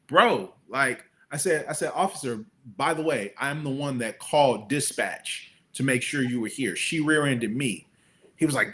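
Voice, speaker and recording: A middle-aged man, a guest entrepreneur, telling stories in a casual interview and acting out the people he quotes. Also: moderate pace. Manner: animated, acts out quotes with big pitch jumps.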